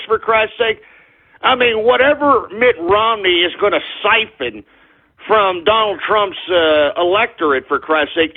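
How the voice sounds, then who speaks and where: Male radio host, furious ranting delivery, husky tone, tinny phone-like audio. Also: high-pitched. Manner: angry, insulting, ranting. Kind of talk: political talk radio rant.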